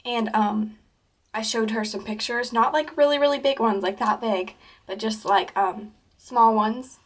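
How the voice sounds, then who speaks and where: A woman's voice: fairly high pitch, unhurried. Chatty teenage girl vlogger. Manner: chatty, peppered with "like" and "um"; acts out quoted conversations in livelier voices. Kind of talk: casual advice chat to camera.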